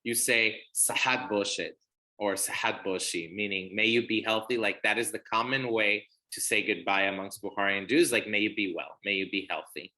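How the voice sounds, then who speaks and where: A man's voice: fairly low pitch, fairly even intonation, normal speed, bright, forceful tone, rough recording. A young man giving a casual online presentation, explaining words and customs patiently with frequent fillers and restarts.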